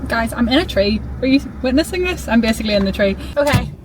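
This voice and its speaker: Bubbly, high-voiced young woman vlogger. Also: fast talker, noisy background. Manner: bubbly, rambling, easily excited. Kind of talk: casual chatty vlog.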